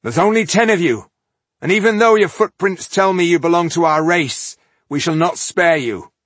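A man's voice: high voice, animated, normal speed, a bit bright, dry recording, voice pushed up. A man voicing a resolute male dwarf leader who gives firm, commanding demands.

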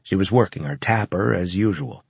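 A man narrating a first-person audiobook in a steady, measured manner. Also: low-pitched, vocal fry, breathy edge, no room sound.

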